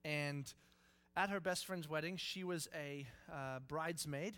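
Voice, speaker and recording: A man in his thirties preaching, telling a family story with lively acted-out voices and frequent laughs. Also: fairly high pitch, measured pace, clear, resonant tone. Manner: animated, acts out voices, laughs often. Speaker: pastor. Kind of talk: sermon storytelling.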